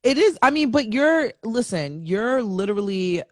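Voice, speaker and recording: A woman's voice: fairly high pitch, sing-song, normal speed, no echo, studio quality. A woman hosting an interview, asking long, rambling, admiring questions of her guest. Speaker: podcast host.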